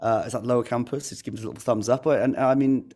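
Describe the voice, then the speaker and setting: A man co-hosting a school radio show, talking casually and relaxed, with many fillers. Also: medium pitch, fast. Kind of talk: casual live chat.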